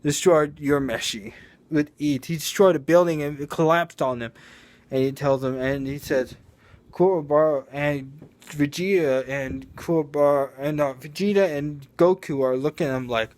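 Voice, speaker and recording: A man's voice: fairly high pitch, normal speed, darkish tone. A man casually improvising a fan story, rambling and often correcting himself with fillers.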